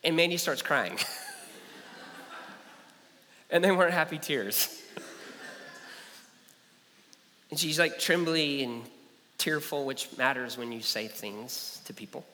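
A man's voice: a little high, measured pace, pauses often, sharp tone, a little hiss or hum. A man preaching a sermon as a pastor, earnest and personal, telling stories and repeating key phrases. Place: church sanctuary. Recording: church hall reverb.

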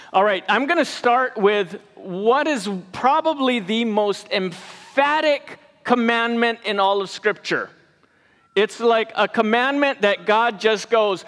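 Male pastor, very high voice, slow, loose conversational preaching in a reverberant church hall. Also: fairly bright tone. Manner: conversational, repeats words, leads congregation in recitation. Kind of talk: casual sermon.

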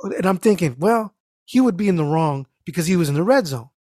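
A man's voice: high voice, brisk, no room sound. Profane man telling a story, dry mic. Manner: animated, profane, acts out voices. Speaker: guest storyteller. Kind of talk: casual storytelling chat.

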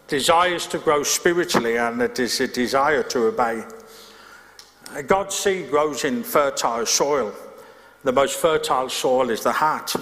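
The middle-aged pastor here has a mid-range, fairly bright voice. Preaching in a reverberant church hall, he keeps the sermon conversational, restarting phrases and turning to the congregation with asides.

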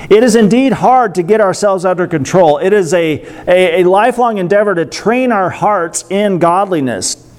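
A middle-aged male pastor giving a sermon, telling a story with animated, self-deprecating humor. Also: a little high.

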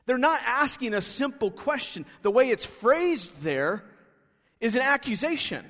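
A man with a high voice delivers a sermon at an unhurried pace. He preaches emphatically, pressing his listeners with rhetorical questions. His voice carries a long hall reverb from a church sanctuary. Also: big pitch swings, a bit bright. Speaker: pastor.

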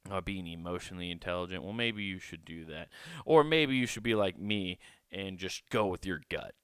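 A man with a lowish, smooth, resonant voice riffs sarcastically through comedic podcast commentary. He swears casually and laughs at his own jokes. The sound is close and dry. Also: a bit bright, dry recording. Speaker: podcast host.

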